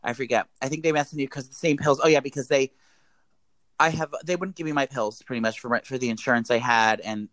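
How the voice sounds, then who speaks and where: Podcast co-host, New man, quick and animated, swears freely, dry close mic. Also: medium pitch, no echo. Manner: rambling, profane, animated retelling. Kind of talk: casual storytelling chat.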